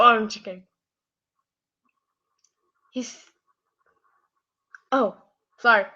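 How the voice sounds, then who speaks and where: On a live stream, a tired woman with a scratchy throat casually reads fan fiction aloud, giggling, rambling, and tossing in apologetic asides. Her voice is medium in pitch with a fairly bright tone, and the audio is muffled and lo-fi.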